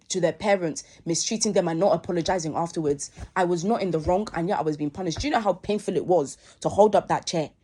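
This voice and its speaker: A woman's voice: on the low side, darkish tone, breathy edge. A young woman, hosting a podcast and telling a story in a casual, emphatic way, repeating herself for emphasis. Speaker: podcast host.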